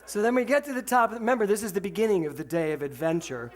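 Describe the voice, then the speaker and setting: A man giving a storytelling sermon to a congregation, animated and laughing, then slowing to a soft, reflective tone for spiritual points. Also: sits high. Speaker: spiritual center speaker. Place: speaking to a congregation with slides.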